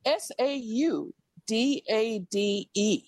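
A woman poet reading her poems aloud and chatting about words in an expressive way. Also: fairly high pitch, slow pace, dry recording, poor audio. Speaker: guest poet. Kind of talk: poetry reading and chat.

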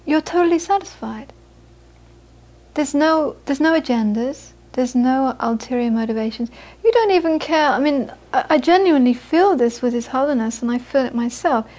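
A woman's voice: high voice, lively intonation, moderate pace, darkish tone. A woman giving a Buddhist dharma talk to a small audience, telling anecdotes and often repeating words as she searches for phrasing. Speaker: Buddhist teacher.

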